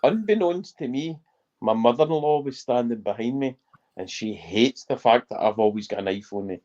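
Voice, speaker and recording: A man's voice: medium pitch, animated, moderate pace, warm tone, lo-fi sound. A Scottish man joining a casual stream chat over a video call, telling anecdotes in a dry way and swearing casually.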